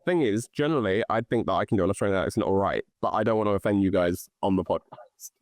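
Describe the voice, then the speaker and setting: A British man hosting a podcast in casual chat, rapid and full of restarts. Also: lowish voice, a little mellow, no room sound, studio quality. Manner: quick, restarts phrases often. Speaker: podcast host.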